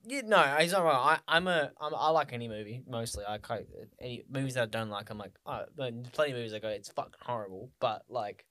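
A man's voice: mid-range voice, fast, few pauses, pushed and bright, no echo, clean studio sound. A man co-hosting a podcast in casual chat, easygoing and swearing freely. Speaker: podcast co-host.

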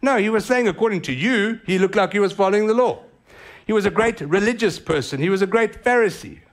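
Man, pastor, sermon, animated delivery, slightly high voice, casual asides. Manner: animated preaching with quick asides.

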